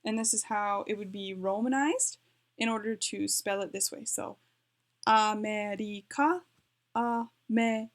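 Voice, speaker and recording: A woman walks through a beginner lesson at home in a loose, chatty way. She corrects herself mid-sentence as she types, and her voice sits at an ordinary middle pitch. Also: moderate pace, creaky. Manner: chatty, self-correcting, talks while typing. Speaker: language learning vlogger. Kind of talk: casual tutorial. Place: home, with her dog nearby.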